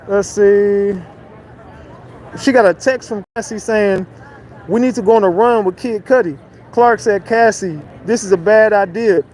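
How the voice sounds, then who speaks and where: A man outdoors on a city street, excitedly recapping courtroom testimony, swearing and repeating himself. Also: sits high, rough recording. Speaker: street reporter. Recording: faint street noise.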